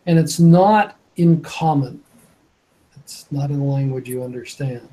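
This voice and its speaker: A man running a tabletop game as game master, narrating in an unhurried, hesitant way with fillers. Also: on the high side, mellow, low-quality recording.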